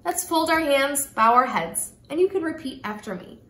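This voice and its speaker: A woman hosting a children's story time, reading a storybook expressively and then teaching gently. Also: high-pitched, expressive, normal speed. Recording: echoey room.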